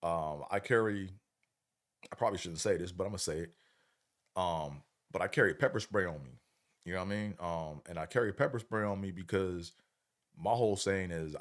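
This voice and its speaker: A deep-voiced man hosts a casual livestream chat at a moderate pace. He's laid-back and slangy, rambles a lot, and keeps checking in with his listeners.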